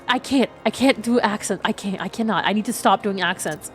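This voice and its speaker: A woman's voice: mid-range voice, a little fast, few pauses, faint music behind. A woman streamer giving casual gameplay commentary, playful and self-mocking, swearing freely.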